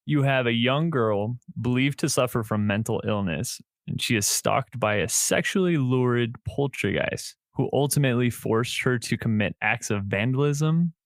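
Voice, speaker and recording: Man, podcast co-host, easygoing, laughs often, mid pitch, dry recording. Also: animated, moderate pace, few pauses, no room sound. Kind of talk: casual podcast banter.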